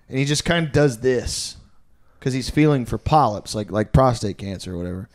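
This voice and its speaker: Brief: young guy, podcast co-host, crude rambling storyteller, does quick voices of other people. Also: mid-range voice. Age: young adult. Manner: rambling, crude, animated, mimics a drawling old doctor. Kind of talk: casual comedic storytelling.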